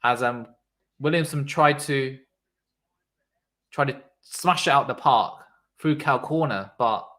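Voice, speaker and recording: A young man calls a cricket match live for his stream viewers. He talks casually and reacts loudly to big shots. Between deliveries he chats with the people in his live chat. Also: medium pitch, slow pace, long pauses. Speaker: livestream cricket commentator. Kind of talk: casual live watchalong commentary.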